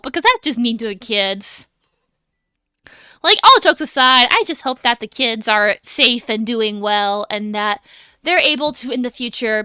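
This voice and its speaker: A young adult woman chats casually on a live stream, animated and quick to laugh. Her voice sits high and clear. It is picked up on a dry, close mic. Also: no echo. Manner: chatty and animated, laughs often. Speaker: VTuber streamer.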